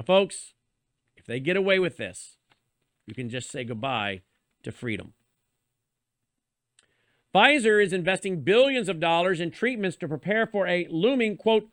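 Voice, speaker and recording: Host, male, higher register, sardonic commentary read close and dry with no room sound. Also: fairly bright tone, no echo. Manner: sarcastic, pointed delivery. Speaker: show host. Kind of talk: opinionated news commentary.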